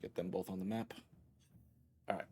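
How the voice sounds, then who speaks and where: A man's voice: sits low, fairly even intonation, normal speed, a little mellow, faint music behind. A man running a tabletop game as dungeon master, making matter-of-fact rules calls with many "uh"s.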